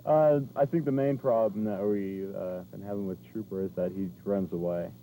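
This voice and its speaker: A man dog owner speaks hesitantly with plain words, his voice lowish and mellow. Faint outdoor noise sits beneath him on an old tape. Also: fairly even intonation, normal speed, rough recording. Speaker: dog owner in training session. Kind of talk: casual conversation.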